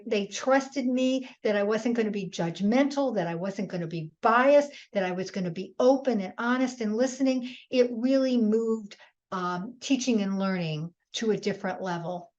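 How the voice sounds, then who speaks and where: A woman's voice: a little high, darkish tone, dull audio. A woman presenter answering audience questions in a webinar, giving earnest advice with frequent restarts. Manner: earnest, advising, many restarts.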